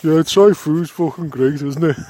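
A man's voice: fairly high pitch, a little slow, background noise. A man in improvised comedy banter, chatty and laddish, swearing freely. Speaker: comedy partner playing a local man.

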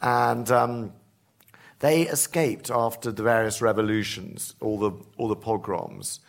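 Man telling animated anecdotes. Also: fairly low pitch, a little slow, gravelly. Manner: animated anecdotes with many restarts and asides. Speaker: author and historian guest. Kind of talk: storytelling in conversation.

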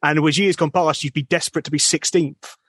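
A man's voice: a little high, steady tone, a little fast, a bit bright, husky, dry recording, studio quality. A man hosting a fan podcast, asking questions in a chatty way with laughs and restarts. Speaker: podcast host. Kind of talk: casual interview chat.

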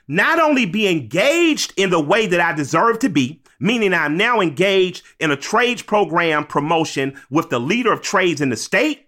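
A man's voice: high-pitched, big pitch swings, normal speed, sharp tone. A man from Georgia, speaking as a podcast guest in a blunt, emphatic, sometimes profane way. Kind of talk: impassioned conversation.

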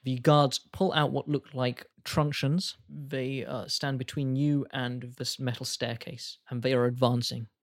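A man's voice: mid-range voice, little pitch movement, a little slow, hardly any pauses. A man narrating as the game master of a tabletop game, describing scenes in an easygoing way with an occasional chuckle.

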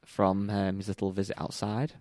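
Male co-host, chatty and promotional, lowish voice, dry close recording. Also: monotone, moderate pace, darkish tone, no room sound. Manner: chatty, plugs the show. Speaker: podcast co-host. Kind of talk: casual chat.

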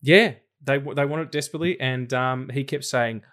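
A man's voice: mid-range voice, a little fast, fairly bright tone. A man guesting on a podcast in casual chat, blunt and sweary, rambling with restarts.

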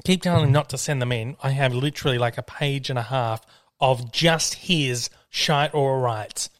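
A man's voice: mid-range voice, moderate pace. Chatty Australian man hosting a podcast. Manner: chatty, laughs easily, reads listener emails aloud. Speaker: podcast host. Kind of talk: casual podcast chat. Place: home dining room.

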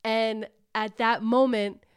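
A woman's voice: a little high, takes it slowly, clear, resonant tone. A woman hosting a book club podcast, casually retelling a novel's plot and acting out the characters' lines. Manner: animated storyteller acting out quotes, says "like" often.

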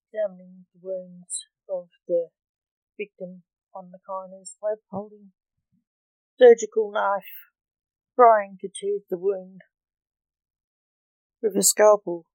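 Slow, measured story reader. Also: mid-range voice, flat delivery, no echo, poor audio. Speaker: narrator. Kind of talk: reading a story aloud.

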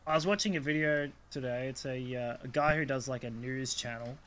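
A man with a raspy voice, co-hosting a casual podcast and rambling eagerly through his theories. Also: medium pitch, fairly quick, fairly bright tone. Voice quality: raspy, like a smoker's cough when nervous. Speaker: podcast co-host.

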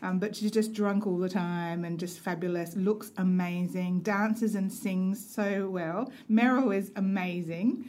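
A woman's voice: mid-range voice, steady tone, measured pace, few pauses, a little mellow. A middle-aged woman co-hosting a casual chat, talking with enthusiasm and laughing often. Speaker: podcast co-host.

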